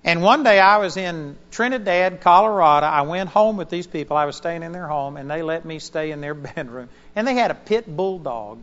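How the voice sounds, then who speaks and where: A man with a high voice preaches a sermon, telling a story with lively rises and drops in pitch and loudness. The recording sounds dull and lo-fi, with a long reverb from a large hall. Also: normal speed, few pauses.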